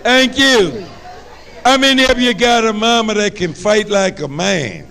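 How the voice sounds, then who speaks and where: A man with a New Orleans accent giving a lively motivational talk to high school students, with call-and-response and humor. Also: measured pace, a faint crowd. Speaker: motivational speaker.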